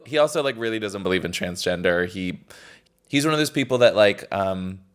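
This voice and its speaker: A man's voice: on the low side, lively intonation, brisk, clean tone. A young man co-hosting a podcast in casual chat, rambling and joking with frequent laughs. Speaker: podcast co-host.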